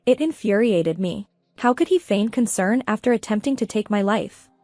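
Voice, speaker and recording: A woman narrating a first-person revenge story in a steady, even manner. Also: mid-range voice, normal speed, no echo, soft background music.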